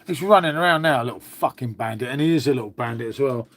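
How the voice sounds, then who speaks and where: A man with a medium-pitched, fairly bright voice talks fast while hosting a casual livestream. He chats with viewers and swears freely as he talks to his dog.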